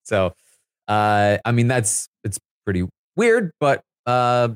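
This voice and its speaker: A man gives a casual spoken recap of a reality show's live feeds, rambling a little and leaning on fillers as he goes. His voice sits at an ordinary middle pitch, and the sound is dry and close with no room around it. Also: big pitch swings, slow, clear, resonant tone, no room sound. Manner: conversational, loose, with many fillers.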